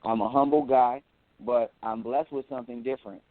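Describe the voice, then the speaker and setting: A man's voice: mid-range voice, brisk, dry recording. Boastful man over tinny phone-like sound. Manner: boastful, animated storytelling, repeats words. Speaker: interview guest, rapper. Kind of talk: casual interview talk.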